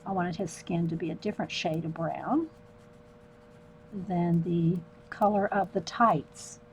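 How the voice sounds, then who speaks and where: Drawing on her art livestream, a woman laughs frequently and chats casually with viewers in an unhurried, low-ish voice, with a little hiss or hum in the audio.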